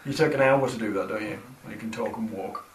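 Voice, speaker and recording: A man running a tabletop game, explaining rules quickly, recorded far off in an echoey room. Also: fairly low pitch, crowd noise. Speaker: game master.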